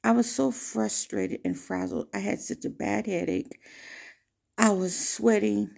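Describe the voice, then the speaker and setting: Woman vlogger, very gravelly fry, mid pitch, emphatic and animated as she tells her story to camera. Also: a little slow.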